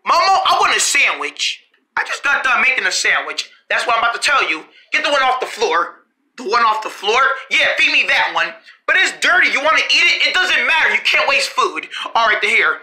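A storyteller acting out an improvised toy play, switching quickly between bossy and whiny character voices and giggling through lines. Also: medium pitch, pushed and bright. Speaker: storyteller voicing every character.

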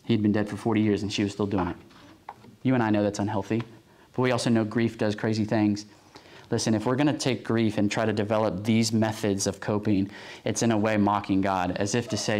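A man's voice: fairly low pitch, steady tone, normal speed. Conversational male pastor preaching. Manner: conversational, acts out quoted voices; frequent fillers and tag questions. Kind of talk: sermon.

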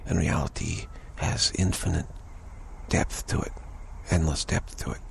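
A man giving a slow, contemplative spiritual talk, halting and repeating words, his voice rough with early morning. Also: sits low, steady tone, a little hiss or hum. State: early morning voice, clearing throat. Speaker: spiritual teacher.

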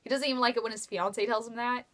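A young woman tells a story to her webcam late at night, her voice a touch high. She gushes and rambles with breathless excitement, breaking into squealing outbursts. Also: quick pace. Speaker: fan vlogger. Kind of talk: casual storytelling vlog. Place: bedroom at night.

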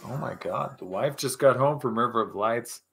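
A man's voice: mid-range voice, moderate pace, gravelly, a bit bright, breathy edge. A man hosting a casual live chat with viewers, rowdy, joking and profane, a little tipsy. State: tipsy from scotch. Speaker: livestream host.

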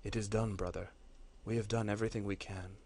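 A man's voice: medium pitch, expressive, normal speed. A man voicing a massive warrior battle lord who pleads earnestly with his rulers. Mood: defeated. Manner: pleading, then soft and defeated.

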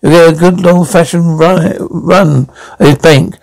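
A man reading a fan-made radio drama and voicing every role himself, with a halting delivery full of stumbles and restarts. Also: fairly high pitch, fairly even intonation, vocal fry, a little mellow, no room sound, low-quality recording. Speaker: fan audio drama reader voicing all roles.

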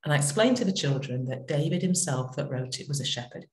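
A middle-aged woman vicar giving a gentle, reflective talk that tells a story, with pauses. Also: sits low, lively intonation, echoey room. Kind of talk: short spoken reflection.

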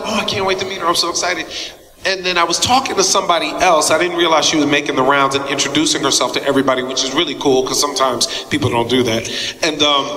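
Middle-aged guy telling a story, chatty and laughing a lot, bright voice, roomy hall sound. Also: a little high. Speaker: actor interviewed. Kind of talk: animated anecdote telling. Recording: echoey hall with faint noise.

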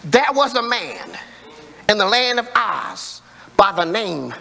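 A man preaching a sermon in call-and-response style, building to emphatic shouts. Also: sits high, big pitch swings, slow, vocal fry. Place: church sanctuary. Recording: echoey church hall reverb.

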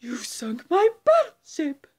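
A woman's voice: high-pitched, huge pitch swings, slow, darkish tone, voice pushed up, full character voice. A woman doing a hammy gloating riddling supervillain. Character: theatrical male riddling supervillain, smug and unhinged.

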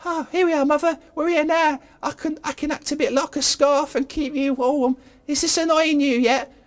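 A comedian voicing a pesky young male polar bear cub with a high, thin, mamby-pamby voice in an improvised comic wildlife voice-over. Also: steady tone, normal speed. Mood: cheeky. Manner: cheeky, teasing.

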